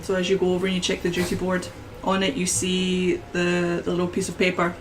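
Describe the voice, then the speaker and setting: A woman running a tabletop game, her voice on the lower side. She describes scenes unhurriedly, often restarting a thought mid-sentence. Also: monotone, brisk, slight background noise, poor audio. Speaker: game master.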